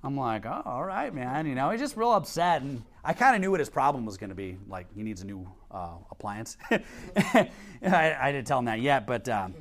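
A man's voice: medium pitch, sing-song, normal speed, fairly bright tone. A man preaching a sermon in a conversational way, slipping into a casual story and laughing as he tells it. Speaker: pastor. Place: Idaho.

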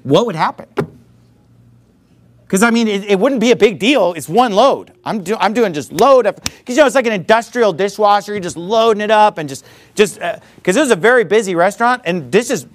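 A man's voice: high voice, lively intonation, brisk. A male pastor preaching a sermon in a conversational, storytelling manner, full of frequent asides.

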